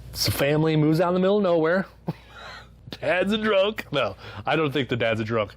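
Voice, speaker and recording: A man's voice: a little high, expressive, a little fast. A man giving a casual, sarcastic book review, swearing freely and tossing in mock-voiced asides. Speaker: book reviewer, channel host.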